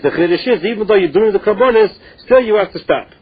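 A man's voice: sits high, animated, quick pace, husky. Man teaching Talmud over a tinny line. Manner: reads Aramaic phrases then explains in English. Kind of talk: Talmud lesson, reading and translating line by line. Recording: tinny phone-line recording.

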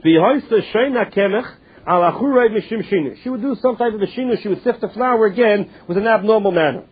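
Over a tinny phone line, a man with a high, husky voice speaks fairly quickly as he leads a Talmud class. He reads the text aloud and explains it in English, often restarting.

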